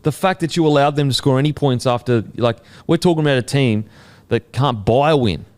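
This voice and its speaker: Chatty Australian bloke talking footy. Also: male voice, mid-range voice, fairly quick. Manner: animated, swears, lots of fillers and restarts. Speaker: podcast host. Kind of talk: casual sports chat.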